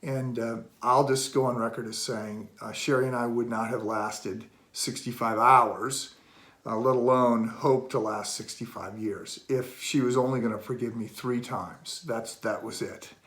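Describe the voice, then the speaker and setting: A middle-aged man speaks as a pastor in a relaxed devotional, his voice sitting at an ordinary pitch. He tells a story animatedly and jumps up in pitch when acting out the people in it. The sound is roomy, with noticeable echo from the house around him. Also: unhurried. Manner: animated, acts out dialogue with rising pitch. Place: relatives' home.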